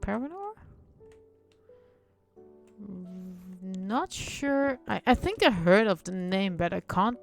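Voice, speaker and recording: A woman's voice: medium pitch, lively intonation, takes it slowly, vocal fry, pauses often, faint music behind. A woman whose first language is not English, live-streaming a Minecraft build and chatting in a rambling way while she plays and mutters to herself.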